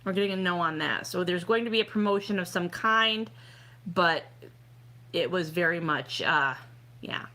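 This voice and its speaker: A woman's voice: on the low side, moderate pace, sharp tone. A middle-aged woman chatting casually on a live stream, rambling with lots of "like" and "you know" as she gives fortune readings.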